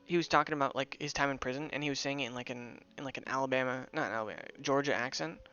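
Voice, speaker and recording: A man's voice: medium pitch, rapid-fire, pushed and bright, clean tone, highs cut off, faint music behind. A young man chatting loosely while streaming a game, rambling with many restarts. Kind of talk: casual gameplay commentary.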